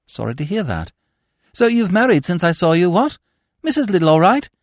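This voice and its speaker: A man voicing a cheerful young gentleman with brisk, upper-class chatter. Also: high voice, sing-song, no echo, studio quality. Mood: breezy.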